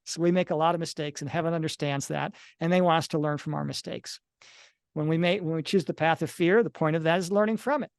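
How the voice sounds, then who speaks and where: A man's voice: on the high side, steady tone, fast talker, creaky, no echo, clean studio sound. A middle-aged man, an author and analyst of near-death experiences, giving earnest, explanatory interview answers and sometimes acting out little scenes. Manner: earnest, explanatory, acts out little quoted dialogues.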